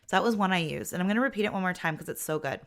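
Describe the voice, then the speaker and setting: A middle-aged woman talks through her own podcast episode in a loose, chatty way, leaning on "like" as she goes. Her voice sits a little low for a woman, and she sounds expressive and personal, as if telling a friend about her week. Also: very fast. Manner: chatty and expressive, with frequent "like" and an occasional laugh. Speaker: podcast host and mother. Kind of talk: casual personal monologue.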